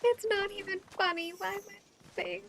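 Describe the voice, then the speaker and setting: A high-voiced woman streams a game and chats casually, giggling often and teasing her chat playfully. Faint game music plays under her voice. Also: fairly even intonation, moderate pace, a bit bright.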